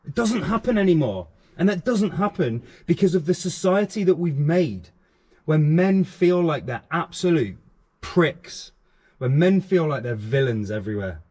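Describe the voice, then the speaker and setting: A man's voice: on the high side, a little mellow. A middle-aged man talking frankly and earnestly to camera on his own vlog, repeating phrases for emphasis. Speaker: YouTube channel host.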